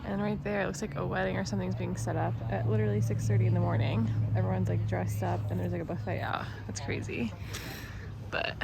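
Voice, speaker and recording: A woman with a lowish, creaky voice talks fast with little pitch movement as she vlogs casually while travelling, filming on a handheld phone indoors and out. She's chatty and bubbly and laughs often, and the handheld footage is noisy.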